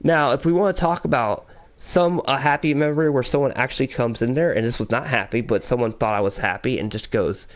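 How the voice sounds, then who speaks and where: A young man hosting a podcast in casual chat, telling stories in a rambling, animated way. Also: mid-range voice, fairly quick. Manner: rambling, animated storytelling with laughs. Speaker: podcast host.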